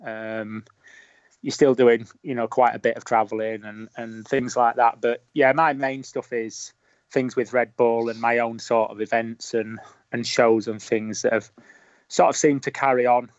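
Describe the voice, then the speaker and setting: A man's voice: mid-range voice, little pitch movement, unhurried, dry recording, lo-fi sound. A man with a Yorkshire accent, a guest talking easily and at length over a remote call. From Yorkshire, England. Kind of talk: casual interview.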